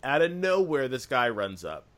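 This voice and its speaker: A man casually retelling a video game session on a podcast, rambling and excitable, with frequent restarts. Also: mid-range voice, normal speed.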